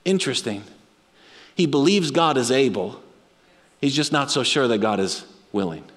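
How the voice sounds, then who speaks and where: A man's voice: expressive, normal speed. Male preacher, dramatic sermon delivery, long hall reverb. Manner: dramatic storytelling, drops low and quiet for emphasis.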